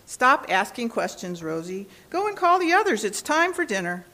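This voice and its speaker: A woman voicing a gentle, worried mother rabbit in a storybook reading, speaking softly and soothingly. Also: on the high side, big pitch swings, moderate pace, full character voice.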